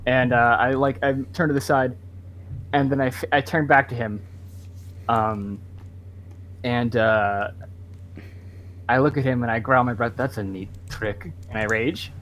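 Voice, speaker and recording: A man playing a tabletop game, describing his character's moves with many pauses and fillers. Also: mid-range voice, fairly even intonation, a bit bright, slight background noise. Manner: hesitant, full of fillers. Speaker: player.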